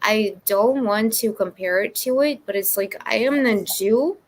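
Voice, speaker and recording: A woman with a Russian accent on a casual panel chat, ranting in a heated, halting, profane way. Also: mid-range voice, low-quality recording.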